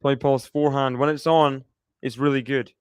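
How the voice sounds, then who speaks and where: A man's voice: mid-range voice, steady tone, moderate pace, clean tone, dry recording, studio quality. A man hosting a live stream, giving casual play-by-play tennis commentary and chatting with viewers while reacting and laughing often.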